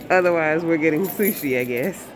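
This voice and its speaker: Chatty woman vlogging over loud noise. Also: low-pitched, a little slow. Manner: chatty, humorous, talks to camera. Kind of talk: casual vlog chat. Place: grocery store, car and restaurant.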